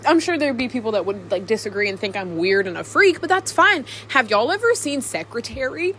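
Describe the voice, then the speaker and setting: A woman's voice: a little high, very animated, fairly quick, fairly bright tone, a little hiss or hum. A young woman vlogging to her camcorder alone, chatting casually in a rambling, giggly way. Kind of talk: casual chat to camera. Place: alone in a room.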